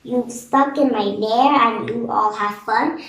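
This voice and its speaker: A woman voicing a big grumpy male bear who feels left out, in a slow read-aloud storybook manner. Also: a little high, fairly bright tone, reverberant, recorded from a distance, slight background noise. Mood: sulky.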